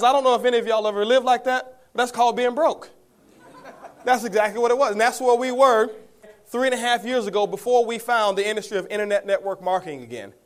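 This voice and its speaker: A middle-aged man giving an energetic, folksy motivational testimonial, often calling the audience "guys". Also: very high voice. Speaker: network marketing speaker.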